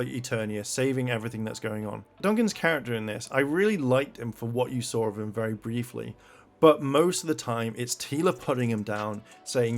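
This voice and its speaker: A man reviewing a show in a blunt, rambling rant full of swearing. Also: mid-range voice.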